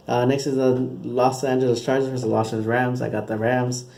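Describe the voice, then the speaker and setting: A man's voice: mid-range voice, little pitch movement, moderate pace, creaky, pauses often, a little mellow. A man hosting his own channel, talking through his football predictions in a casual, rambling way with frequent restarts. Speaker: channel host giving football picks.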